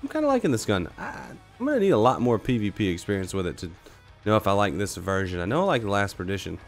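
A man gives casual live commentary on his gameplay while fighting a cold. His low, gravelly voice jumps around in pitch, and he chats freely with teammates and viewers between coughs. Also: sing-song, fast talker, faint music behind. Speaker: gaming streamer.

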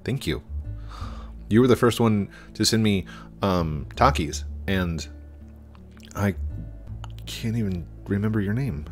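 A man's voice: on the low side, lively intonation, takes it slowly, pauses often, soft background music. A man chatting casually and rambling while he plays a game, easily distracted. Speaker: gaming YouTuber. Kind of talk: casual gameplay commentary.

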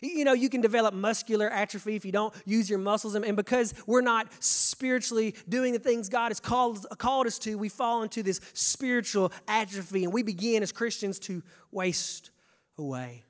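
A young man preaching a sermon, stammering on restarts and swinging from hushed to shouting. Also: high-pitched, fairly quick. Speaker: pastor. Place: church sanctuary. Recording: long church reverb.

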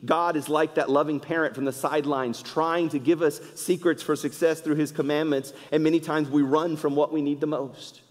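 Man preaching in a reverberant hall. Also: on the high side. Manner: animated preaching that swings from loud emphasis to hushed asides. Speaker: pastor. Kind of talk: sermon. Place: church sanctuary.

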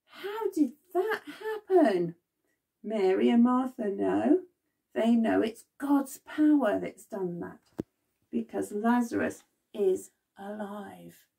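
Slow, gravelly woman telling a children's Bible story. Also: medium pitch, far from the mic. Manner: expressive, asks children questions. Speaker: children's Bible club leader.

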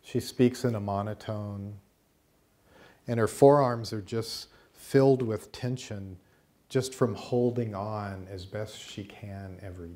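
A man teaching a course, telling a story in a conversational, unhurried way and checking in with his listeners, in a college teaching room. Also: lowish voice, a little mellow. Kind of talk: storytelling lecture.

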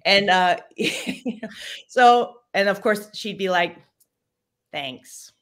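Woman, actress guest, casual interview talk, mid pitch, filler-heavy, video call. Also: slow, fairly bright tone. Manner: chatty, loose, full of "you know" and "like" fillers. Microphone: livestream video call.

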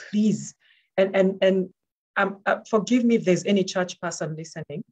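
A woman's voice: mid-range voice, normal speed, darkish tone. A woman speaking as a panel guest, giving earnest, encouraging personal testimony and repeating words for emphasis.

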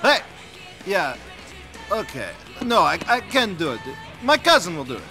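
A man's voice: high voice, huge pitch swings, moderate pace, sharp tone, soft background music, exaggerated voice. An actor playing a cheerful, debt-ridden male cousin in a video game, chatty and making excuses. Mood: sheepish.

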